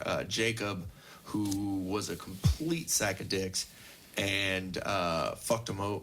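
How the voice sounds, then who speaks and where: A man's voice: on the low side, a bit bright, slight background noise. A young man co-hosting a casual podcast, rambling with lots of fillers and swearing freely. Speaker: podcast co-host. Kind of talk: casual chat.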